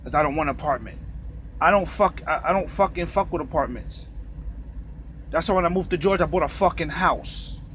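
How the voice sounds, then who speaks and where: A man's voice: on the high side, brisk, a bit bright, a little hiss or hum. A truck driver with a New York accent, ranting in a bitter, profane monologue from inside his truck cab.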